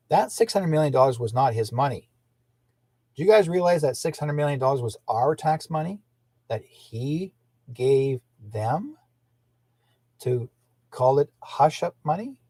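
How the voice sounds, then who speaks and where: A man's voice: medium pitch, dark tone, no echo. An older man from Canada hosting a livestream, talking in a rambling, indignant way that repeats and restarts often. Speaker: livestream host.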